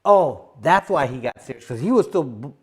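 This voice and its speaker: A middle-aged man tells a story in a relaxed, chatty way, with a voice pitched a little above most men's. He fills his speech with repeated fillers and slips into lively impressions of the people he quotes. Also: normal speed, a crowd in the background. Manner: animated, acts out quoted voices, many fillers. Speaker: host, former boxing champion. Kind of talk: casual storytelling.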